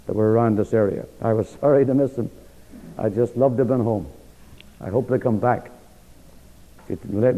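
A man preaching a sermon with emphatic delivery, rhetorical questions and sweeping swings in pitch, recorded in a church hall. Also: dark tone. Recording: dull lo-fi sound with long hall reverb.

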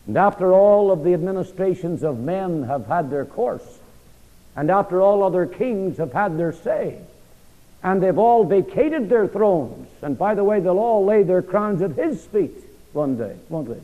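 A man preaching a sermon with emphatic delivery, rhetorical questions and sweeping swings in pitch, recorded in a church hall. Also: expressive, a little slow. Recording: dull lo-fi sound with long hall reverb.

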